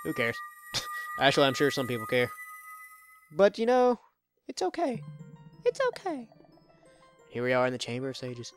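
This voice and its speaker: A man's voice: mid-range voice, very animated, brisk, long pauses, fairly bright tone, soft background music. A young man hosting a let's play, giving casual gameplay commentary full of sarcastic, joking asides.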